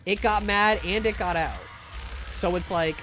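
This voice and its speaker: A man's voice: sits high, measured pace, music in the background. A young man chatting casually on a game livestream, rambling with many fillers and restarts. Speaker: streamer. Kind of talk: casual livestream chat while gaming.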